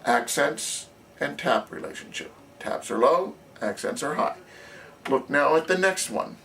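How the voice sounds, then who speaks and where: A man's mid-range voice swings widely in pitch as he teaches snare drum technique at a measured pace, sounding gravelly and a bit bright. The drumline instructor explains methodically and calls out the counts, heard through distant camera audio with faint noise.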